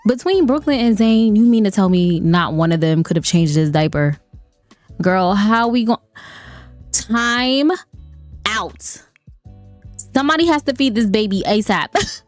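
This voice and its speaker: A young woman hosting a casual gaming video, chatty and animated, laughing often and talking to her viewers. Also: medium pitch, a little slow, long pauses, faint music behind. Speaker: gaming channel host. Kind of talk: casual game commentary.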